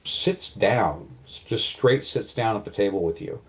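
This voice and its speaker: A man's voice: on the low side, expressive, unhurried. A man narrating as game master, in vivid, casual storytelling with many fillers.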